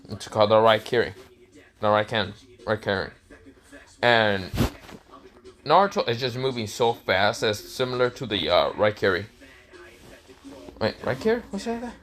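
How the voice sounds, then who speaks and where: A man's voice: on the low side, a bit bright. A young man casually telling an improvised fan story, rambling and correcting himself with many fillers.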